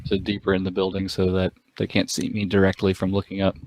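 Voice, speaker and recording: Low-voiced man musing over his turn. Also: completely flat delivery, quick pace, darkish tone, dry recording, low-quality recording. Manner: thinks aloud with hesitant fillers. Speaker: player. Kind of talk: casual tabletop game talk.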